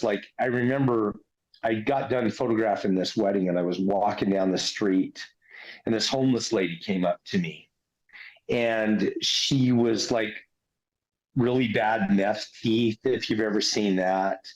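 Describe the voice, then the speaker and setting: A man's voice: fairly low pitch, measured pace, highs cut off. A man casually recounting a spiritual experience in an earnest, conversational way. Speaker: interviewee recounting near-death experience. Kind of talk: casual storytelling.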